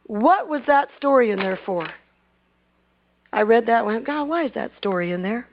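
A woman's voice: fairly high pitch, lively intonation, moderate pace. Preaching woman with dramatic swings. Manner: retells Bible scenes, acting out the lines; swings between loud bursts and hushed asides. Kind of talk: sermon. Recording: dull lo-fi recording.

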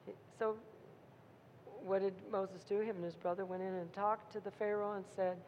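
A woman's voice: medium pitch, little pitch movement, moderate pace, darkish tone. A woman preacher giving an informal sermon, retelling a story in a folksy, conversational way and asking her listeners "Amen?". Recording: dull audio in a reverberant hall, faint noise.

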